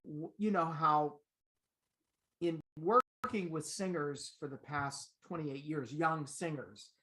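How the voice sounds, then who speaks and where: Middle-aged man telling a lively anecdote. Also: on the high side, slow pace. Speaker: vocal coach and pianist. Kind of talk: conversational interview.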